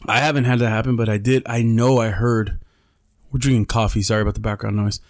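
A man's voice: medium pitch, flat delivery, fast, dry recording, studio quality. A man co-hosting a podcast, telling a story in laid-back casual chat, swearing freely and calling people bro and dude. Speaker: podcast co-host.

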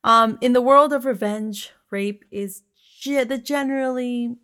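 A woman's voice: on the high side, a little slow, fairly bright tone. A woman co-hosting a casual podcast chat about a film, emphatic and swearing freely. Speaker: podcast co-host reviewing a film.

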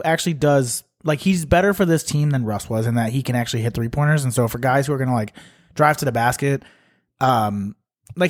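A man's voice: on the high side, no echo, clean studio sound. A man co-hosting a podcast, chatting casually about basketball in a rambling, laid-back way, laughing often. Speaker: podcast co-host. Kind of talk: casual sports talk.

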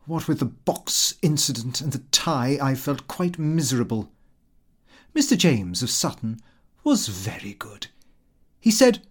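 A man reading a comic diary aloud as an audiobook, with expressive, lively delivery. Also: medium pitch, moderate pace. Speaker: audiobook reader. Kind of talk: scripted narration of a comic diary.

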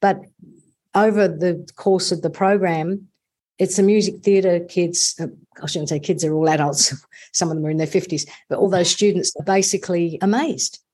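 A woman who teaches voice, talking in an animated way in a casual panel discussion and often restarting her sentences. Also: fairly low pitch, moderate pace.

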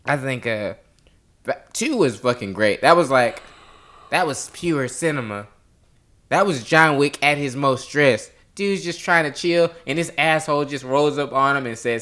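A man's voice: medium pitch, normal speed. A man co-hosting a podcast in casual chat, swearing a lot and acting out quotes with energy. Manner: profane, animated, acts out quotes. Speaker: podcast co-host.

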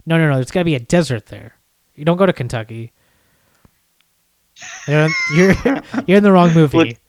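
A man's voice: fairly high pitch, expressive, normal speed, background noise. A man co-hosting a podcast, joking and bantering playfully. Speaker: podcast co-host. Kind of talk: casual fantasy football chat.

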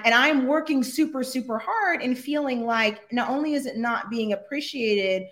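A middle-aged American woman telling a story in an interview, animated and laughing often as she acts out quotes. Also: sits high, unhurried. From United States. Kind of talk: casual storytelling.

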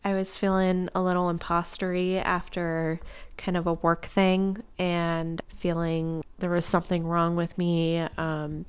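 A woman talks alone on her podcast in an open, heartfelt and conversational way, and lets a casual swear word slip now and then. Her voice is a touch low and notably smooth and clear. She takes her time, moving at a slow, unhurried pace. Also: flat delivery. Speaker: podcast host. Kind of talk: personal podcast monologue.

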